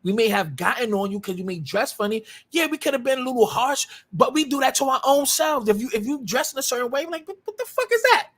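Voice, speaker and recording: A man's voice: very high voice, quick pace, hardly any pauses, fairly bright tone. A man hosting a livestream and speaking in a heated, combative way. He swears freely and hammers his points home by repeating them. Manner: combative, profane, repetitive. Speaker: live stream host.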